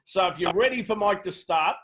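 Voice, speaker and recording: Brash high-voiced man. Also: brisk, background noise. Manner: brash, joking, pushy audience prompts. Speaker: webinar host. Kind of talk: lively sales webinar chat. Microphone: video call.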